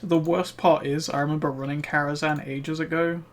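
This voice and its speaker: A man talks through his gameplay for a live stream in a loose, excitable way, cursing casually as he goes. His voice sits a touch high and sounds a little worn, as he is losing it. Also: moderate pace. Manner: chatty, excitable, swears casually. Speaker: game streamer.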